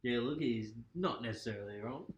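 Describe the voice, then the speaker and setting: A man's voice: medium pitch, fairly quick, highs cut off. A young man with an Australian accent, co-hosting a casual football live stream with dry, jokey banter. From Perth, Australia. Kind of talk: casual chat over a live football game. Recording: echoey room.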